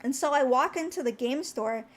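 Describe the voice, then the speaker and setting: A young woman streamer telling a long, chatty story. She acts out what people said and jumps in pitch when she gets excited, and she sounds tired. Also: normal speed. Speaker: VTuber streamer.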